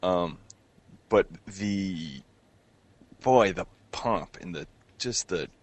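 A man's voice: low-pitched, expressive, drawn-out words, husky. A man chatting casually, rambling and laughing, with lots of fillers and restarts. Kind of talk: casual chat.

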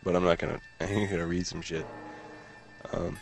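A man's voice: low voice, level tone, a little fast, creaky, soft background music. A man co-hosting a casual podcast, laid-back and laughing along. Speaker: podcast co-host. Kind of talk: casual chat.

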